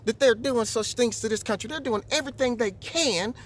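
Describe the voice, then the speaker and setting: A man's voice: very high-pitched, fairly quick, slight background noise. A man doing an earnest older Southern lady. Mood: lamenting.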